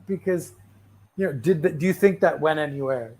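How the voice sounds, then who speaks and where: Male host giving casual motivational talk; restless, chatty, lots of "right?", voice sits a bit high. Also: normal speed. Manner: rambling, repeats "right?" and "like"; restless, animated storyteller with frequent restarts.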